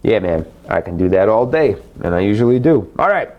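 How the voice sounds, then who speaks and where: A man's voice: fairly low pitch, animated, a little fast, phone-quality sound. A middle-aged man hosting a live webcast, answering viewer questions in a chummy, effusive way. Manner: effusive, repeats words for emphasis.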